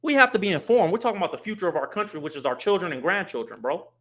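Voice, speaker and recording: A man's voice: high-pitched, big pitch swings, rapid-fire, a bit bright. A married man hosting a livestream, giving blunt and emphatic casual commentary and repeating his points. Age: adult, married. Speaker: livestream host.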